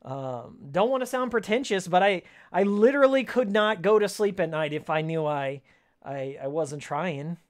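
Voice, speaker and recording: A man's voice: high-pitched, expressive, normal speed. Heated ranting male game streamer. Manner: heated, ranting, sarcastic, with frequent laughs. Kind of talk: casual live-stream chat while playing.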